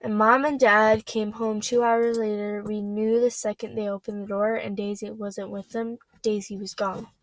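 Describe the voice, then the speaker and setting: A woman reading a novel aloud, halting and stumbling over words as she goes. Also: medium pitch, level tone, no room sound, poor audio. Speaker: reader.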